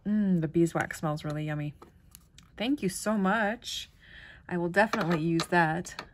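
A woman chatting casually as she unboxes a package of craft supplies, gushing with delight and often dropping to a soft whisper. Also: lowish voice, moderate pace. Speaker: crafting vlogger.

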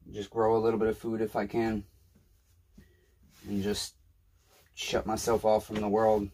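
A man's voice: lowish voice, level tone, measured pace, pauses often, darkish tone, breathy edge. A tired, frustrated man working as a small-engine repairman who mutters and swears while he works in a casual workshop vlog. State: tired and overwhelmed.

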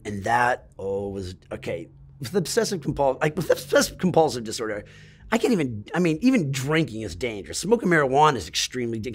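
A middle-aged man in an interview, telling a rambling, profane story in a casual, animated way. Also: mid-range voice. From Great Lakes region of the US.

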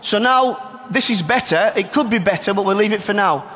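A man's voice: sits high, moderate pace, a bit bright, big-room sound, slight background noise. A man coaching youth players in a live session demonstration, giving directions and explaining the drill to watching coaches. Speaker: soccer coach.

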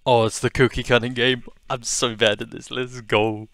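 A young man with an Australian accent giving excitable let's-play commentary, gasping and repeating his exclamations. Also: mid-range voice, moderate pace, background noise. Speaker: gaming video host.

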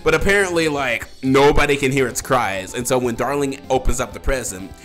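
A man hosting a casual movie review, excitable and profane, jumping between loud outbursts and low mutters. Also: brisk, faint music behind. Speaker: movie reviewer, channel host.

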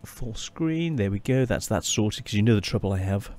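A man giving casual, chatty gameplay commentary as a channel host, often pausing and restarting his sentences. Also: lowish voice, expressive, darkish tone. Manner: chatty, halting, many restarts and fillers.

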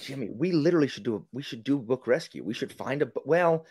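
A man chatting as a podcast guest, playful and quick to laugh. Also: mid-range voice, slightly rough, no echo, clean studio sound. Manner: playful, giggly, animated. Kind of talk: casual chat.

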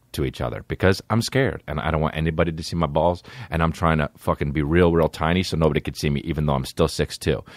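A man, a podcast host telling stories in a casual, animated way, swearing a lot and acting out voices. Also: extremely low pitch, no echo. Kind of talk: casual storytelling.

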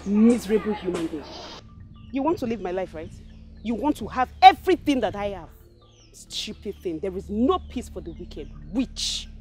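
Nigerian accent, actress as a sharp-tongued young wife, scornful, taunting, mid-pitched voice, faint music behind. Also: female voice, big pitch swings, normal speed, lightly acted. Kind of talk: Nollywood film acting.

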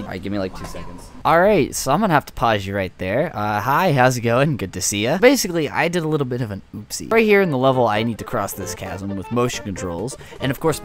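A young man giving casual, excitable gameplay commentary with frequent swearing, shouting at characters in the game. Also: mid-range voice. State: sore tongue from a cold sore. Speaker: gaming video creator.

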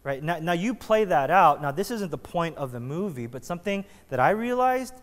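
Pastor, male, slightly high voice, chatty joking sermon delivery, long church-hall reverb. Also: expressive, normal speed. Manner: casual, joking, conversational preaching with frequent restarts. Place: church sanctuary.

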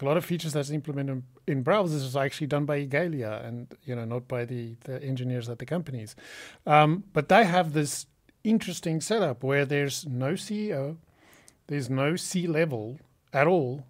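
Male podcast host, mid-pitched voice, casual interview, meandering questioner. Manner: rambling questions with many restarts.

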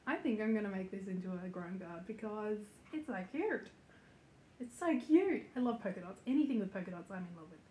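A woman's voice: mid-range voice, quick pace, hardly any pauses, darkish tone. A woman hosting a casual cross-stitch vlog, chatty and giggly with lots of ums and likes, talking to the camera from her home stitching room. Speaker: flosstube host. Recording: echoey room with faint noise.

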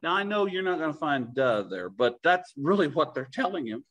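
A man with a high-pitched voice delivers a sermon in a church. His tone is plain and conversational. He slows down to lean on the phrases he wants remembered. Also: sing-song, fairly bright tone, poor audio. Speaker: preacher.

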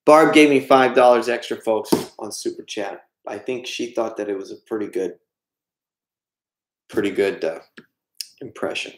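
A man hosts a livestream from an echoey room, joking at his own expense while reading chat messages aloud and replying. His voice is fairly low, his pace moderate, and he leaves long pauses.

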